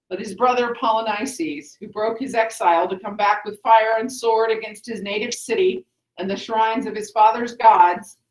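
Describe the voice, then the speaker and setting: A proud, stern king declares his rule in a formal, declaiming manner, as a woman teacher reads him aloud. The voice sits fairly high and rings in an echoey classroom. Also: lightly acted. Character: proud, stern new male king addressing elders.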